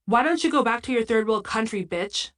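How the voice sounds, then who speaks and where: A man's voice: high voice, a little fast, a bit bright. A woman reading the lines of an aggressive young man in an audiobook, in her own everyday voice. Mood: hostile.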